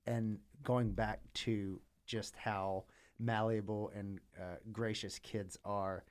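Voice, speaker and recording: A man's voice: on the low side, level tone, slow, clear, resonant tone. A man speaking as a podcast guest, earnest and reflective with a touch of dry humor. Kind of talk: casual chat.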